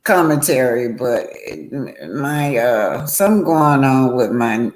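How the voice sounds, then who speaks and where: A host unhurriedly recapping drama for a live audience, with a chatty, apologetic manner. The voice sits at a middling pitch in a roomy, echoing space. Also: expressive, slow pace. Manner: chatty, apologetic, addresses viewers as y'all. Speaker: commentary livestream host. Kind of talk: casual commentary chat.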